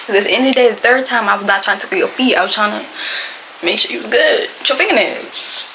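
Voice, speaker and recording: A young woman telling a storytime to camera, animated, emphatic and slangy. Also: a little high, quick pace, a little hiss or hum, poor audio. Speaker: storytime vlogger.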